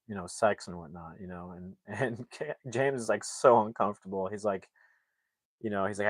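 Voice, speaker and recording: A man's voice: on the low side, fairly even intonation, normal speed, dry recording. A man casually retelling a movie's plot on a livestream, rambling with many fillers and acting out the characters' lines. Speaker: movie recap streamer.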